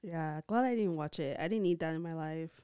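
A woman co-hosting a casual podcast, joking and reacting with loud, expressive exclamations. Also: sits low, brisk, clean tone, no echo, clean studio sound. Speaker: podcast co-host. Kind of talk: casual chat.

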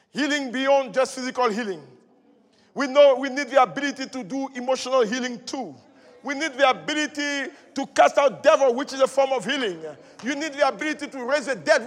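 High-voiced preaching man in a hall. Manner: impassioned preaching, repeating phrases, swinging from soft to loud. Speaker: pastor. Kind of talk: sermon. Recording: long hall reverb.

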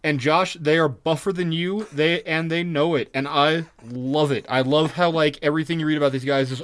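A man with a fairly high voice chats casually on a podcast. He explains folklore with enthusiasm and throws in crude jokes along the way. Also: fairly even intonation, normal speed, hardly any pauses, fairly bright tone. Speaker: podcast co-host. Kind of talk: casual chat.

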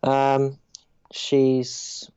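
A man running a tabletop game as game master, narrating with hesitant pauses. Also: medium pitch, monotone, dark tone, smooth, muffled recording. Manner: hesitant, lots of ums.

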